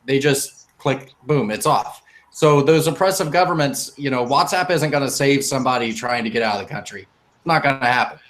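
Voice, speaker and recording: A man's voice: medium pitch, a little fast, fairly bright tone. A man hosting a casual podcast discussion, arguing heatedly and emphatically. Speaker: podcast host.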